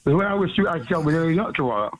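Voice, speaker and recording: A man calling a radio phone-in, speaking haltingly and stumbling over his words. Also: on the high side, lively intonation, poor audio. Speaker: caller.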